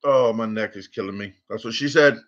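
A man's voice: lowish voice, a little fast, fairly bright tone, muffled recording. A man hosting a casual livestream, rambling and joking, repeating words for laughs. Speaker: livestream host.

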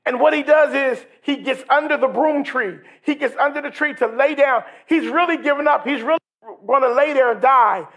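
A male pastor preaching a sermon in a church service, animated and building to shouts, asking the congregation questions. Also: extremely high pitch, normal speed, few pauses. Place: church sanctuary during a worship service.

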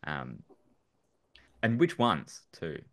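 A man's voice: low-pitched, huge pitch swings, very slow, fairly bright tone. A man co-hosting a casual podcast, rambling through political chat with restarts and chuckles. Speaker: podcast co-host.

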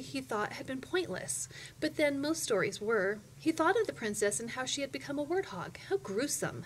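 A woman reading a children's novel aloud in an expressive storytelling manner, voicing each character. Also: on the high side, a little fast, slight background noise, poor audio. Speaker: reader of a children's book. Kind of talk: expressive read-aloud narration.

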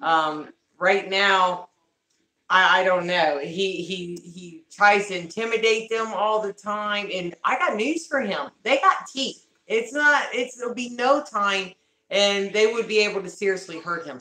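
A woman talks casually to viewers on a livestream at home, greeting people by name and calling out to her pets. Her voice is bright. The room is echoey. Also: medium pitch, unhurried. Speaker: livestream host talking to viewers.

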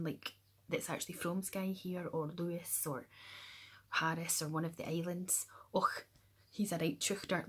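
Scottish woman, Glasgow-area accent, low and husky. Playful, soft-spoken slang explainer who drifts into whispers. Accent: West of Scotland (Glasgow area). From Scotland, near Glasgow. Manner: soft-spoken, slips into whispers, playful, spells words out slowly. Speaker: YouTuber. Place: room at home with the window open.

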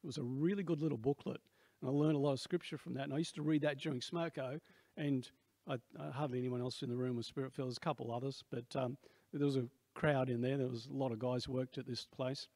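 A man's voice: mid-range voice, fairly even intonation, fast, a little mellow, no echo. A man in his sixties with an Australian accent, preaching a sermon in a rambling, conversational way with many asides. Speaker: pastor.

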